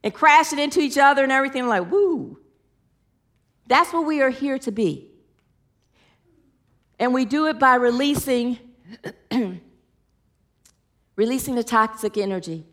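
Speaking at a moderate pace with long pauses, this woman has a high, fairly bright voice. As a spiritual teacher, she teaches her sermon earnestly, leads affirmations, and narrates stories animatedly.

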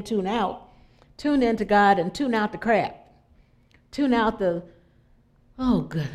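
A woman preaching an informal sermon, telling stories in a conversational, animated way. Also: on the low side.

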